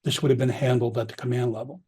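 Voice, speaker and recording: A man's voice: mid-range voice, steady tone, fast, a little mellow, slightly rough. Emotional New man telling his story. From Long Island, New York. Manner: emotional, profane, quotes people in dialogue. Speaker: podcast guest, former police officer. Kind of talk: storytelling interview.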